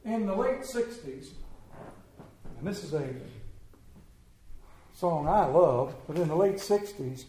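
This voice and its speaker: A man preaching a sermon as pastor, emphatic and animated, swinging from loud to hushed. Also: fairly high pitch, slow, long pauses, echoey room, a little hiss or hum, rough recording.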